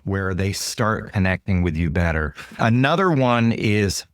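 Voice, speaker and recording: A man, a guest author and consultant, explaining ideas in an interview with lively stories. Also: sits low, unhurried, no echo, studio quality. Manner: animated, acts out dialogue in quoted voices. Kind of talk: storytelling interview answers.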